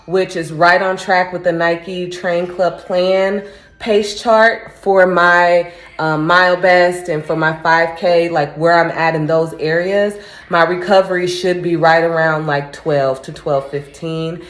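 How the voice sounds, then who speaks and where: A woman with a low voice talks to her camera at home, fresh off a run. Her speech is candid and reflective, loose with "um" and "you know." The room rings with a noticeable echo. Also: steady tone, unhurried. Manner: reflective, candid, frequent fillers. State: just back from a run. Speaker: vlogger training for a first half marathon. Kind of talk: casual chatty vlog. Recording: echoey room.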